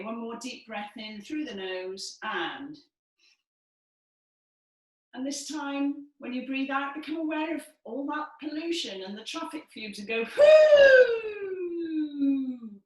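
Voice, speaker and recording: A woman, possibly from Wales, leading a guided breathing and vocal warm-up in a lively, encouraging, playful way. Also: on the high side, measured pace, recorded from a distance. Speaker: dance and movement leader. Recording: echoey room from afar.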